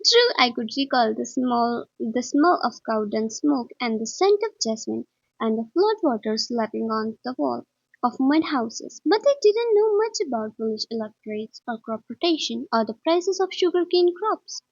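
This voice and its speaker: A woman reading short stories aloud, lively and expressive in the dialogue. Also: on the high side, moderate pace, dry recording, muffled recording. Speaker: reader.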